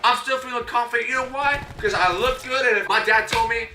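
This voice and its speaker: Young guy, high and really bright voice, animated slangy storytime, a bit far from the mic with faint music. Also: a little fast, reverberant. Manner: animated, slangy, acts out his own voice and coaches. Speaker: YouTuber. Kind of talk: comedic storytime.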